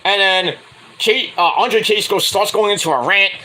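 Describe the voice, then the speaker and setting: A man's voice: high voice, moderate pace. A man casually reviewing a wrestling show on his own, rambling with crude asides. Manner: rambling, crude asides, jumps into loud impressions.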